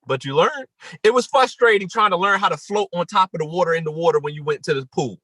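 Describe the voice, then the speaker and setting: A man giving an emphatic motivational talk on a morning call, repeating his points and rising to near-shouts. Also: high-pitched, expressive, fast talker, no echo, rough recording.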